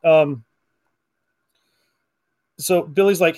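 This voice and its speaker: A man's voice: on the high side, slow, long pauses. A man hosting a comic book podcast, chatting casually, laughing often and acting out lines from comics. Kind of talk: casual chat.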